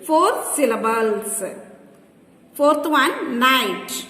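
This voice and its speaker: A woman teacher works through textbook exercises at a very slow, deliberate pace, spelling answers out letter by letter. Her voice sits high, and the room around her is echoey with a long reverb tail. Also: animated, sharp tone.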